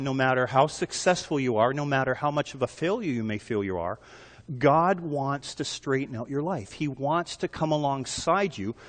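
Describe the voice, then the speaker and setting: Earnest male pastor preaching in a hall. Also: a little high. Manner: earnest, builds emphasis with repeated phrases. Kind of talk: sermon.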